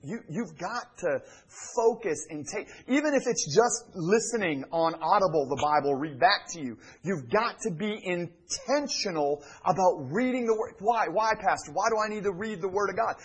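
Male pastor, husky, fairly high voice, preaching in a church, loud then hushed. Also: animated, moderate pace, rough recording. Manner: swings from loud emphatic preaching to hushed near-whispers. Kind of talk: sermon. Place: church sanctuary.

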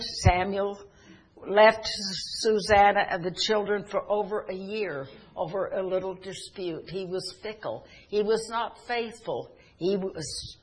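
A man's voice: sits high, a bit bright, breathy edge. A man preaching a sermon, earnestly retelling Bible stories in quoted speech.

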